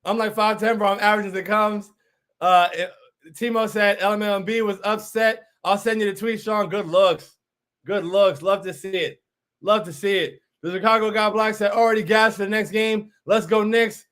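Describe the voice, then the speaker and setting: A man in his thirties from New York hosting a fan livestream, excitedly reading viewer comments aloud and repeating phrases. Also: high-pitched, normal speed. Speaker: livestream host reading chat. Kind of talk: casual hype chat.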